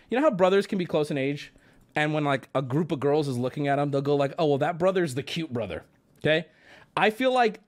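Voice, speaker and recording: A young man casually riffing and ranting on a live stream, rambling and swearing, with sudden high squeaky outbursts.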